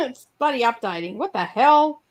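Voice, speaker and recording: This woman is a chatty co-host on a live reading stream. She teases her partner and laughs easily, and her voice sits a little higher than usual. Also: very animated. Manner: chatty, teasing, quick to laugh. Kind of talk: casual live-stream chat.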